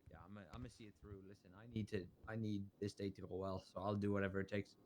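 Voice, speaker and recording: A man's voice: lowish voice, little pitch movement, racing, darkish tone, slight background noise. A man chatting bluntly in a roleplay session. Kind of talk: casual roleplay chat.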